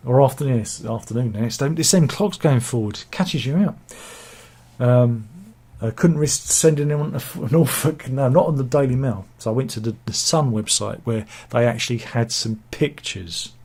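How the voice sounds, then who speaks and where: Reading comments from his viewers, a man from Britain rambles and pokes fun at himself in a casual chat recorded in a chilly room at home. He speaks at a normal speed in a slightly rough, mid-range voice with a darker tone.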